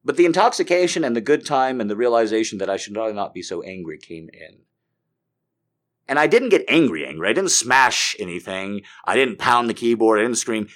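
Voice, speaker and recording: A man's voice: fairly low pitch, fairly bright tone. A man delivering a rambling, profane comedic monologue as a podcast host.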